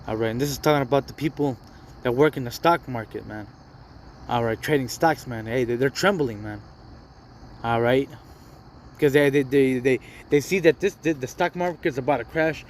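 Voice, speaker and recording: A man's voice: medium pitch, moderate pace, a little hiss or hum. A man giving an informal sermon, reading scripture and commenting in loose street talk, saying "man" and "all right" constantly.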